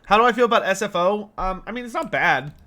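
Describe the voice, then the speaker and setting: A man's voice: high voice, animated, fast talker, sharp tone. A man streaming a strategy game, chatting casually and joking while he answers his chat. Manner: laid-back, joking, answers chat questions.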